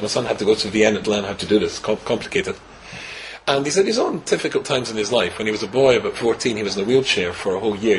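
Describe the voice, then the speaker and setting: Animated older Scottish rabbi telling a story. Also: male voice, lowish voice, a little hiss or hum, poor audio. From Scotland. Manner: animated storyteller, wry humor, swings from hushed to exclaiming. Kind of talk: personal story told to a host.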